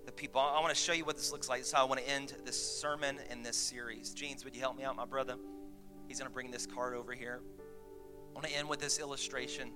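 A man preaching a sermon to his church, chatty with laughing asides, building to emphatic points. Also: mid-range voice. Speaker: pastor. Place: church sanctuary.

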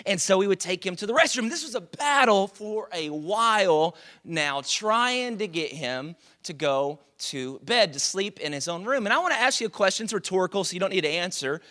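Bright, high-voiced man preaching. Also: lively intonation, normal speed, hardly any pauses. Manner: conversational and joking, with rhetorical questions to the congregation. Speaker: pastor. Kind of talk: sermon.

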